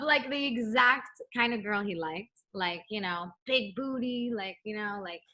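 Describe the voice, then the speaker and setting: A young adult pop singer chats from home during a remote interview, laughing often and acting out the people in her stories. Her mid-range voice moves a little slowly with few pauses, captured on a home setup.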